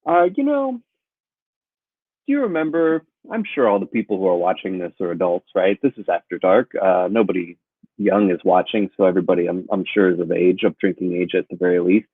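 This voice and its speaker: Deadpan man on a tinny line. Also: low-pitched, a little fast, slightly rough, no room sound. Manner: deadpan with dry punchlines. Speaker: comedian guest. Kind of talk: stand-up routine over a call.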